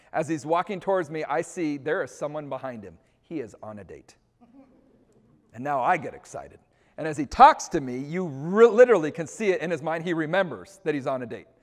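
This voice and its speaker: A middle-aged man with a fairly high voice, telling a story to a room of teachers and acting out the scenes. The sound is a big school hall with a long reverb behind each sentence. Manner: animated storyteller, acts out scenes. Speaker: staff trainer.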